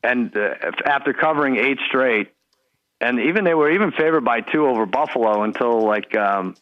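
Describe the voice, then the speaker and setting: A man's voice: mid-range voice, expressive, moderate pace, no echo, muffled recording. A man co-hosting a podcast, talking football picks in a chatty way that laughs easily and restarts often. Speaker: podcast co-host. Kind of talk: casual sports-betting chat.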